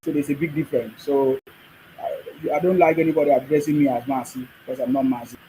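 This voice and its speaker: A man's voice: mid-range voice, fairly even intonation, fast talker, warm tone, a little hiss or hum, poor audio. A man with a Nigerian accent, from Akwa Ibom, giving an emphatic casual monologue, repeating phrases and often laughing. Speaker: vlogger.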